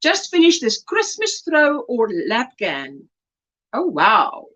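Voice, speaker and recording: A South African woman hosting a casual crochet livestream, chatting warmly and reading viewer comments aloud with delight. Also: sits high, wildly swooping pitch, slow pace.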